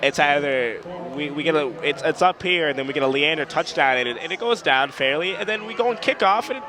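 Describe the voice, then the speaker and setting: A young man doing color commentary for a high school football team, rambling, emotional and openly partisan. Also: expressive, fairly quick, hardly any pauses. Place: outdoor football stadium. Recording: crowd noise at outdoor stadium.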